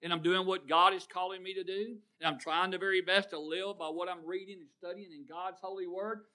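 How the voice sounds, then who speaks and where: High bright preacher man. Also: fairly even intonation, fairly quick. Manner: folksy storytelling, asks the congregation questions. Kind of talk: sermon.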